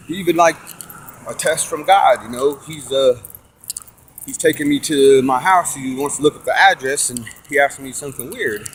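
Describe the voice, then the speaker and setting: A man's voice: on the high side, no echo. Rambling, foul-mouthed man telling a story. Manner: rambling, swears constantly, many fillers; acts out quoted voices loudly. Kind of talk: casual storytelling monologue.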